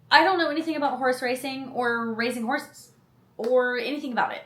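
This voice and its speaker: A woman who hosts a channel sits on a chair indoors, reading film synopses aloud and chatting casually with self-deprecating, apologetic asides. Her voice sits high and fairly bright, a little quick, and the room gives a noticeable echo.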